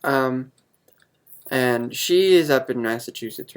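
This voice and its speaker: A young man answering viewer questions to camera, halting and full of ums, earnest and openly emotional. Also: medium pitch, fairly even intonation. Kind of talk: casual chat to camera.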